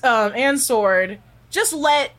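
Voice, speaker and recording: Upbeat lady host, kinda high voice that jumps all over, laughs a lot. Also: takes it slowly. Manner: excitable, laughs often, animated. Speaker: podcast host. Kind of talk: casual chat.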